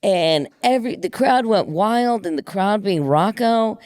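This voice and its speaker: A woman's voice: mid-range voice, unhurried. A woman co-hosting a podcast in casual chat, telling stories with lots of laughter and putting on voices for others. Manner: laughing, animated storytelling with put-on voices. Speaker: podcast co-host. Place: podcast studio.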